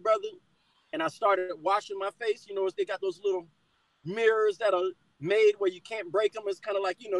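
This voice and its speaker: A man's voice: high-pitched, a bit bright, no echo, low-quality recording. A middle-aged man telling a personal testimony in conversation, fired up and calling the listener brother again and again.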